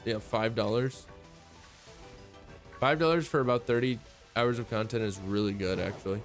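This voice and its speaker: A man's voice: on the low side, normal speed, soft background music. A man chatting casually on a stream, rambling and laid-back and swearing freely.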